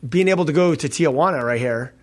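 Male podcast host, higher-pitched, chatty and keen, interrupts to ask more. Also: quick pace. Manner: eager, jumps in with questions. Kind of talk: casual chat.

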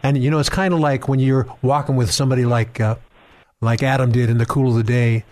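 A man's voice: mid-range voice, fairly even intonation, a little fast. Preacherly male talk show host. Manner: warm preacherly, addresses listeners. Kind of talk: faith talk show interview.

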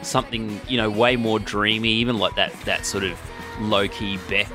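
A man's voice: lowish voice, steady tone, moderate pace. A man co-hosting a casual music podcast, talking hesitantly and often trailing off. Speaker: podcast co-host. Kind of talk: casual chat.

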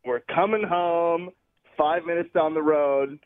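Chatty confident caller on a tinny phone. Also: male voice, on the high side, steady tone, unhurried, dry recording. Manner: confident, chatty, laughs easily. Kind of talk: call-in sports chat.

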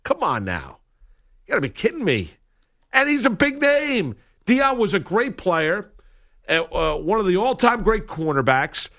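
A man co-hosting a sports talk show, talking in an animated, opinionated way with lots of emphasis. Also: high voice, a little slow. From grew up a Washington football fan.

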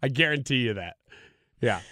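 Bright-voiced man with stuffy nose. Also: mid-range voice, animated, normal speed. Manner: laughing, rambling. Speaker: radio show co-host. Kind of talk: casual chat.

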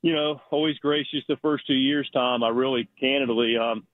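A man's voice: medium pitch, fairly even intonation, moderate pace, dry recording. Man telling stories over a phone line. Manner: rambling, many fillers and restarts. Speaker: baseball manager guest. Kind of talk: casual storytelling by phone. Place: Florida.

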